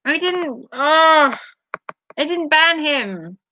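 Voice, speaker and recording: Woman streamer with a high, sharp voice, chatty and flustered, recorded on a tablet with dull, dry lo-fi sound. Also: lively intonation, drawn-out words, no echo. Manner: flustered, apologetic, thinks aloud. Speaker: livestream host. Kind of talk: casual chat reading viewer comments. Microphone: tablet device.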